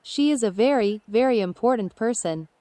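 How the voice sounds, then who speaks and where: A woman's synthetic voice reading viewers' chat messages aloud in a flat, even way. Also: fairly high pitch, normal speed, no room sound. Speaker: text-to-speech chat reader.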